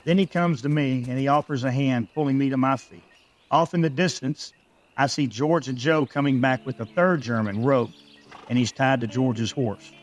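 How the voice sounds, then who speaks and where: Male storyteller, mid-range voice; steady, measured first-person narration. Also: mid-range voice.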